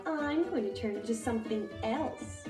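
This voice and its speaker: A woman's voice: fairly high pitch, normal speed, lightly acted. A woman voicing a proud, bragging young female caterpillar in a storybook reading. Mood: boastful. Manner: bragging, self-important. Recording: echoey room from a distance with music.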